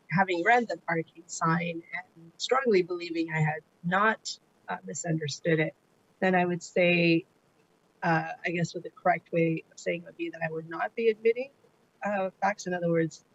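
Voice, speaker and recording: A woman's voice: lowish voice, highs cut off. A woman answering at a hearing over a video call, hesitant and full of fillers but good-humored. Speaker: defendant at a hearing. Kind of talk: hearing testimony.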